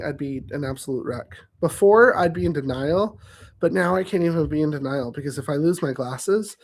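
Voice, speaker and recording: A man hosting his own vlog, chatting casually on camera into a studio microphone on a stand, jokey and self-amused, with sudden loud exclamations. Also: sits high. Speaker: show host.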